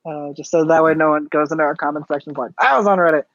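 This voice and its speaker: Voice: mid-range voice, quick pace, a bit bright, dry recording. A podcast co-host in casual chat, blunt and playful, swearing in friendly banter. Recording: slightly dull, dry lo-fi sound.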